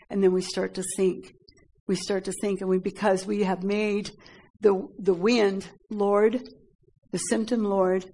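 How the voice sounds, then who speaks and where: A woman teaching a Bible study, reading verses aloud and explaining them in an earnest, halting way with many fillers and "Amen?" prompts. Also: mid-range voice, darkish tone, rough recording.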